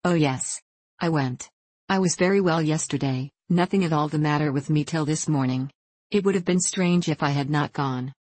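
A woman's voice: low-pitched, normal speed, darkish tone. A woman voicing a peevish, self-pitying young married woman who complains plaintively in a storybook reading.

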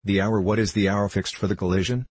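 A man's voice: lowish voice, steady tone, fast talker, breathy edge, dry recording. A man voicing a melodramatic, portly French duelist who declaims grandly, in a storybook reading.

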